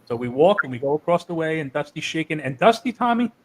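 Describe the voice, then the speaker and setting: A man who runs wrestling shows, from New Jersey, telling animated, profane stories in a casual interview. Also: on the high side, fast, rough recording. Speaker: wrestling promoter.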